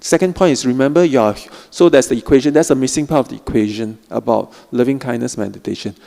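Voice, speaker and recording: A middle-aged man guides listeners through a meditation, speaking gently and repeating soothing phrases. His voice has a gravelly texture at mid pitch. The sound rings with long reverb from a large hall. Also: quick pace. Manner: gentle, repetitive, reassuring. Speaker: Buddhist meditation teacher.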